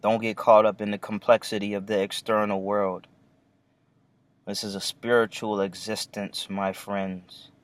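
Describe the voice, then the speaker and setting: A man giving a reflective, unhurried monologue about life outdoors among trees, with some casual swearing. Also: on the low side, level tone, no echo. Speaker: vlogger. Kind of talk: philosophical monologue.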